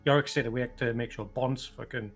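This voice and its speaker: Man, tabletop player, casual recap, swears a lot, mid pitch, faint music. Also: steady tone, a little fast. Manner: loose, joking, heavy swearing.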